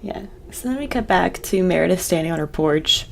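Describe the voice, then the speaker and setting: A woman's voice: fairly low pitch, expressive, brisk, creaky. A young woman co-hosting a podcast, chatting in a laid-back, hesitant way with many fillers. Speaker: podcast co-host. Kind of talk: casual chat recapping a TV episode.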